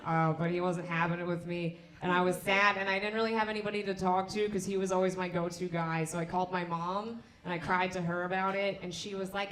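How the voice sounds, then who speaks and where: A woman's voice: fairly low pitch, brisk, background noise. Self-mocking young woman comic, echoey room. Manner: animated, self-mocking storytelling. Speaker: stand-up comedian. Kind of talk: stand-up set.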